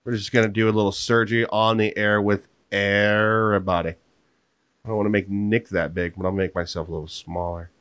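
A man's voice: lowish voice, flat delivery, normal speed, a bit bright, clear, resonant tone. A man hosting a podcast, chatting casually about football picks in a rambling, joking way that often interrupts itself. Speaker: podcast host. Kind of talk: casual sports chat.

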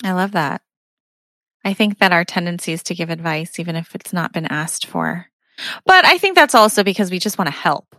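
Bright-voiced woman host, dry sound. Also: on the low side, animated, moderate pace, no room sound. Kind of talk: casual conversation.

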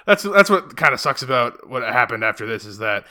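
A man's voice: medium pitch, big pitch swings, a little fast, pushed and bright. A man hosting a casual movie chat, rambling with many fillers and restarts. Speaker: podcast host.

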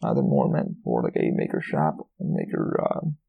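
A man's voice: a bass voice, wildly swooping pitch, moderate pace, creaky, phone-quality sound. A man hosting a solo podcast, rambling casually with lots of swearing, fillers and restarts. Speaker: podcast host.

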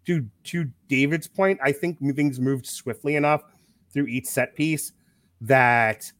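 A man's voice: medium pitch, a little slow, a bit bright, no echo. A man co-hosting a casual film review podcast, talking frankly with frequent swearing and restarts.

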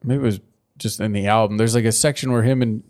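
A man's voice: fairly low pitch, steady tone, fast, a little mellow. A man in a casual chat, recapping a cartoon episode in a loose, profane way with lots of fillers.

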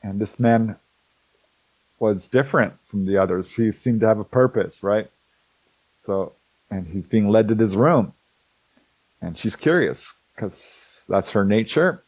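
A middle-aged man telling stories in a casual, animated way, acting out the people he quotes and laughing often. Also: lowish voice, unhurried, long pauses, husky, dry recording, low-quality recording. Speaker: host, author on alien abduction cases. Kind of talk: casual storytelling talk.

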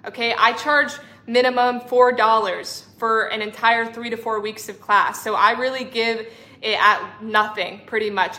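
A woman's voice: medium pitch, pushed and bright. A young woman spiritual coach in a casual livestream, effusive and affectionate, calling her viewers sister and honey. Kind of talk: livestream talk reading chat comments.

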